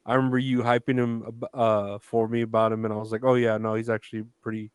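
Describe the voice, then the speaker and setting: Young dude cohosting a podcast, easygoing, lots of uh and like, dry close mic. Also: male voice, lowish voice, fast talker, smooth, dry recording. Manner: relaxed, hesitant, lots of fillers. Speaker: podcast co-host. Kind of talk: casual chat.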